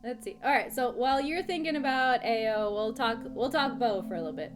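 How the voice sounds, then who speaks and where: A woman's voice: a little high, animated, a little fast, faint music behind. Playful laughing woman streamer. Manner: playful, laughs often, chatty with viewers. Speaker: livestreamer. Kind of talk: casual let's-play chat.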